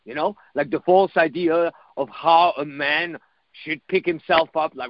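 A man's voice: a little high, measured pace, no room sound, highs cut off. A man giving a motivational self-help talk in a reflective coaching manner, repeating phrases and swearing now and then.

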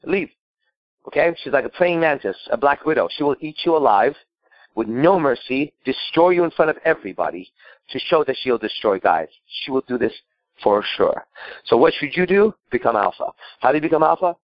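A man's voice: mid-range voice, lively intonation, a little fast, no room sound, dull audio. A man working as a dating coach, answering a caller's question with emphatic, profane storytelling.

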